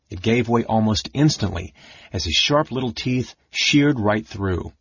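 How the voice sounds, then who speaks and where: A male audiobook narrator reading steadily, his voice low and husky. The recording is dry and dull, with a lo-fi feel. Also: no room sound. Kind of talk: scripted narration.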